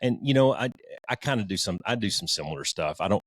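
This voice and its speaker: Deep-voiced man, rambling podcast chat. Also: animated, fast talker, dry recording. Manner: rambling, frequent restarts, informal and a bit profane. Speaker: podcast co-host.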